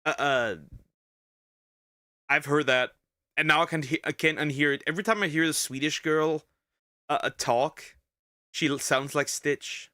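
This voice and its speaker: A man giving excitable, teasing reaction commentary as a streamer, breaking into rapid repeated protests. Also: fairly high pitch, no echo, clean studio sound. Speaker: VTuber streamer.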